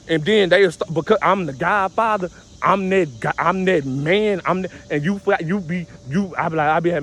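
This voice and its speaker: A man's voice: high voice, normal speed. Slangy man ranting to camera. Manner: loud, repetitive, street slang. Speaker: vlogger. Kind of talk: casual rant to camera.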